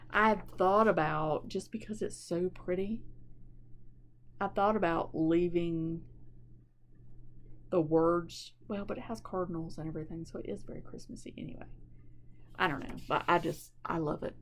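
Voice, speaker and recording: A woman talks casually to her viewers from home, sitting a little low in her voice. She gushes and repeats herself over things she loves, relaxed and chatty. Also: unhurried, a little hiss or hum. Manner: chatty and gushing, repeats words for emphasis. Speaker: cross-stitch vlogger. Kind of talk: casual chat to camera.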